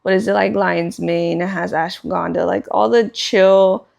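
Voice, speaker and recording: A woman's voice: on the low side, fairly even intonation, normal speed, gravelly, darkish tone. A young woman, chatting casually as a podcast co-host, rambling with lots of "like" and casual swearing. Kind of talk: casual chat.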